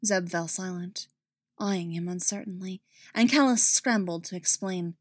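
A woman giving an expressive, dramatic reading of a story. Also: fairly low pitch, measured pace, no room sound, studio quality. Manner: expressive, rising and falling with the drama. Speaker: reader.

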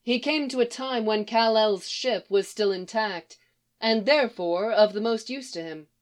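A woman voicing a calm, composed warrior woman who explains matter-of-factly. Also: fairly high pitch, a little slow, natural voice. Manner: matter-of-fact.

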